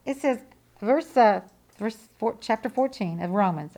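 Emphatic, fairly high-voiced woman preaching a sermon. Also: expressive, unhurried. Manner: emphatic, repetitive, swinging between loud declarations and quiet asides; conversational and folksy, with restarts and rhetorical questions.

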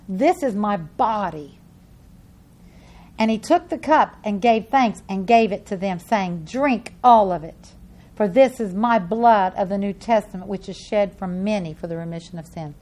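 A woman preaching a sermon and reading scripture aloud, swinging between loud emphasis and hushed, soft lines. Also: on the high side.

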